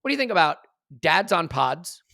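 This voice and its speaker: A man's voice: on the high side, sing-song, moderate pace, gravelly, pushed and bright, dry recording. Guy hosting a chatty podcast, jokey and wry, dead dry close mic. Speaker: podcast host. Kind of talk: casual podcast chat with ad reads.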